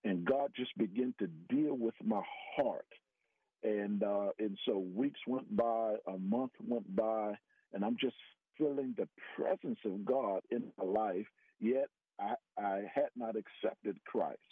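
A man telling his faith testimony as a radio guest, earnest and rising in pitch for emphasis. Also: takes it slowly, slightly rough, no echo. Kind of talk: personal testimony. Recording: tinny phone-line radio audio.

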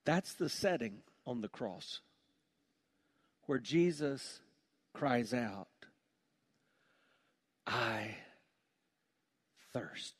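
A man preaching a sermon with passion, dropping to a hushed voice on heavy points. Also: medium pitch, animated, slow pace, long pauses. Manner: impassioned, drops to a hush on heavy points. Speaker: pastor.

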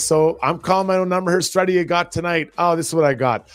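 Energetic male hockey podcast host. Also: a little high, fast, hardly any pauses, smooth, no echo, soft background music. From Canada. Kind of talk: casual sports talk and read ads.

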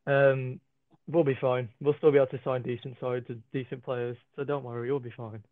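A British man with a middle-pitched voice talks through his view on a casual sports podcast, dry and sure of himself. His voice comes over a tinny, phone-like remote connection, close and free of room echo. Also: level tone, a little fast. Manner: dry, opinionated, explanatory. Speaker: podcast co-host.

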